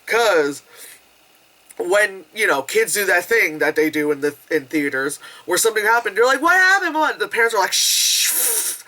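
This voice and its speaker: A young adult woman chatting casually through a movie review, animated and giggly, swearing freely and acting out squealing quotes. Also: lowish voice, moderate pace.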